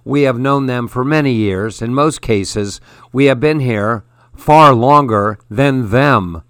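A man's voice: medium pitch, takes it slowly, a bit bright, clear, resonant tone, no room sound, studio quality. A man voicing a wise elder woman who is weary and stern, speaking firmly and earnestly. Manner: firm and earnest.

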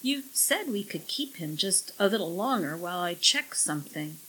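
An easygoing young husband who speaks hesitantly and lets his sentences trail off, as a woman reads him. The voice is bright and breathy, set a touch above the reader's own. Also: on the low side, big pitch swings, moderate pace, heavily acted, poor audio. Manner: tentative, trailing off mid-sentence. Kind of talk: audiobook character voice.

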